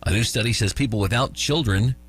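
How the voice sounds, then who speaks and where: A man's voice: lowish voice, brisk, a bit bright, slightly rough. A man in his fifties hosting a radio show, reading news items with jokes and chuckling at his own lines. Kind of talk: morning radio chat and news.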